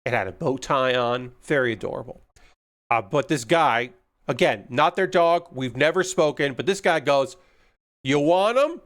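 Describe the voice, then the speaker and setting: A mid-range, slightly bright male voice, moving at normal speed, carries a live stream of casual storytelling. The tales wander, and fillers like "um" and "uh" come up often.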